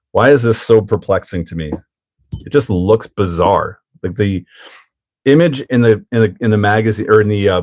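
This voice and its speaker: Jokey low-voiced man hosting a livestream. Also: darkish tone. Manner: jokey, laughs often, reads and answers chat. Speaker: host of a hobby livestream. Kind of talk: casual live-stream chat while building a kit.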